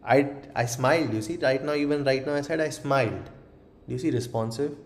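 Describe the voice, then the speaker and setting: A man's voice: medium pitch, fairly quick. A man teaching a coaching seminar. He acts out little scenes, swears freely and keeps asking the room rhetorical questions. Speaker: dating coach.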